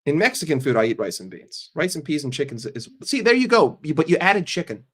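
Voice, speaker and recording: A man's voice: fairly high pitch, animated, breathy edge. A man hosting a live stream who answers his chat casually, speaking bluntly, swearing often and joking. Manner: blunt and profane, answers chat with quick jokes. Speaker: livestream host.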